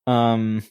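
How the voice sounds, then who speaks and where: A man's voice: mid-range voice, a little mellow, smooth. Rambling laid-back male podcast co-host. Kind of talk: casual chat.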